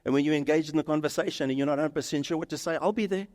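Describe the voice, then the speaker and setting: A male pastor preaching a sermon, animated, acting out the lines of the people in his story. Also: on the high side, racing. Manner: animated, acts out dialogue in quoted voices. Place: church sanctuary. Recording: reverberant church hall.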